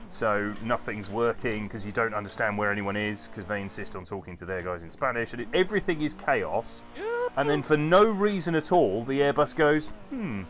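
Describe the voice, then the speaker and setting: A man, an airline pilot, chatting casually and telling animated, sweary stories during a stream. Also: lowish voice. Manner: animated storyteller, swears freely. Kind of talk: casual chat over a stream.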